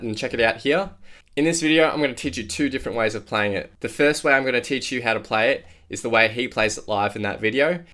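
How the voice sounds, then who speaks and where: A man giving a step-by-step guitar lesson, explaining chord shapes and counting out strumming patterns beat by beat. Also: medium pitch. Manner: clear step-by-step instruction, counting beats aloud. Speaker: guitar teacher. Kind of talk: guitar tutorial. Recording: loud acoustic guitar under the voice. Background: acoustic guitar playing.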